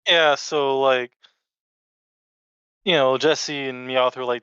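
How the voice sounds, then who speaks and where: A man appears as a podcast guest and speaks in casual, offhand chat at a slow, easy pace. His voice is clear and smooth. The sound is dry and dull, like lo-fi podcast audio. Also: mid-range voice, steady tone, bright, forceful tone, dry recording. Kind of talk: casual chat retelling an episode.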